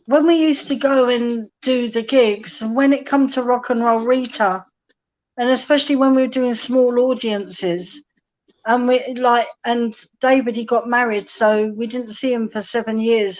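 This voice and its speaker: A woman's voice: a little high, steady tone, unhurried. A woman, a singer-songwriter guest, chatting casually and telling stories while acting out quoted dialogue. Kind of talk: casual live-stream chat. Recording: dull lo-fi live-stream audio.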